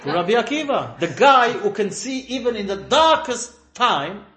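A man's voice: high-pitched, sing-song, moderate pace, pushed and bright, reverberant. A man leading an informal religious class, telling stories and acting out the dialogue with bursts of laughter. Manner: storytelling, acts out dialogue with laughing outbursts. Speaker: rabbi teaching a class.

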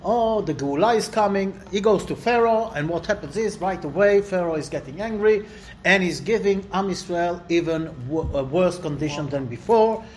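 An animated teacher leads a Bible lesson in an indoor room, the voice swinging widely from low asides up to high, dramatic quotes. A faint hiss sits under the recording. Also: moderate pace. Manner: animated, acts out quotes with rising pitch. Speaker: Torah teacher. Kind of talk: Bible lesson to a small class.

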